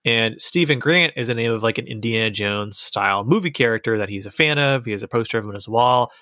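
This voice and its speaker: A man's voice: medium pitch, fast, sharp tone, no echo, clean studio sound. A man chatting casually as a podcast co-host, enthusiastic and rambling as he reviews a TV series. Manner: enthusiastic, rambling, restarts sentences.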